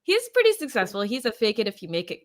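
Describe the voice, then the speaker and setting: A woman's voice: on the high side, huge pitch swings, fast talker. A woman co-hosting a podcast, joining the chat in a playful, giggly way. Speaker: podcast co-host. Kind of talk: casual chat.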